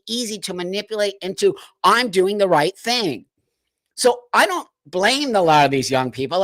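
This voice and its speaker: A man's voice: high-pitched, fairly bright tone, dry recording. A man hosting a livestream, giving opinionated commentary in a blunt, emphatic way, firing off rhetorical questions and reading viewer comments aloud. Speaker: livestream host.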